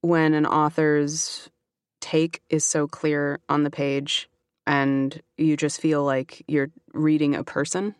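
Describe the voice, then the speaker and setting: A woman, an audiobook narrator and author, chatting quickly as a guest with many fillers. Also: low-pitched, flat delivery, clear, resonant tone, no room sound, studio quality. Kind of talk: casual interview chat.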